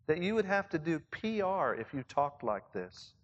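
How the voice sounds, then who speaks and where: A man's voice: a little high, big pitch swings, moderate pace, highs cut off. A man leading church leaders in a conversational sermon, reflective and asking his listeners questions. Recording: long reverb, as in a hall.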